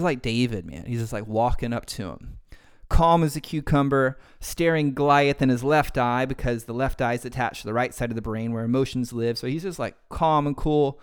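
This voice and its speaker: A man's voice: mid-range voice, clear, resonant tone. A man hosting a podcast who retells a Bible story casually, with lots of slang and fillers. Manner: slangy, uses "like" and "dude" a lot. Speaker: podcast host and pastor.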